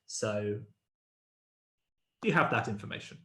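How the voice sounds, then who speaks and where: A man running a tabletop game as game master, describing the scene in a halting way with many fillers and restarts. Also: fairly low pitch, lively intonation, bright, forceful tone, roomy sound. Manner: hesitant, full of ums and restarts.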